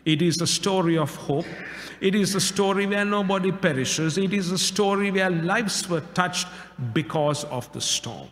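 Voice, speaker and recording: A man's voice: fairly high pitch, a bit bright. Man preaching in an echoey church hall. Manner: measured preaching with rhetorical questions and repetition. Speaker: pastor. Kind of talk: sermon. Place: church sanctuary.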